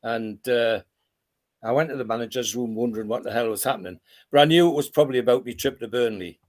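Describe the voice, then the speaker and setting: A man's voice: mid-range voice, quick pace. Old man reminiscing. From Tyneside, North East England. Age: 80s. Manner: rambling, with restarts and chuckles. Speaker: guest, former footballer. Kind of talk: casual reminiscing interview. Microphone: video call.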